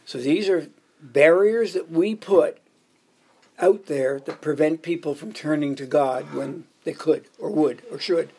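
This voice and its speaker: A man's voice: on the high side, a little slow, mellow, slight background noise. A man preaching a sermon, telling joke anecdotes and counting off his points in order. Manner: jokey storytelling, counting off points. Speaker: pastor.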